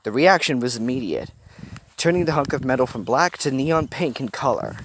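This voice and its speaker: A man reading a story aloud on a handheld recorder while walking a dog outdoors, expressive with casual asides. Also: mid-range voice, fairly quick, rough recording. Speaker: fan fiction reader. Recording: loud outdoor background noise.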